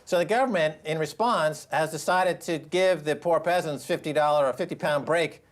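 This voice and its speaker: A man co-hosting a talk show, giving mocking, exaggerated political commentary. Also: normal speed. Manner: mocking, exaggerated, sweeping pitch.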